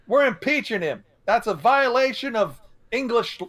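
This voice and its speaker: A man's voice: extremely high pitch, animated, moderate pace, fairly bright tone, voice pushed up, full character voice. A man putting on a mock redneck accent, joking in an exaggerated drawl. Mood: mock outrage. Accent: put-on Southern US rural. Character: mock redneck man ranting about the law.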